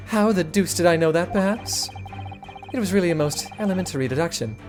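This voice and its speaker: Woman doing a pompous male detective, grand declaiming, low voice, faint music under. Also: expressive, a little fast, a little mellow, natural voice.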